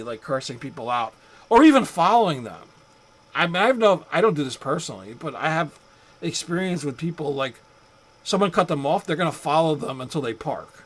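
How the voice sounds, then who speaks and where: A man with a voice on the high side lectures on psychology in an easygoing, conversational way. He drops in rhetorical asides and acts out angry drivers. The classroom recording is rough.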